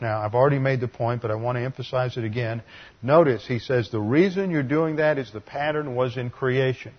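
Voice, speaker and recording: A man's voice: medium pitch, a little fast, highs cut off. A man preaching an expository sermon, earnest teaching broken by wry asides. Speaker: pastor.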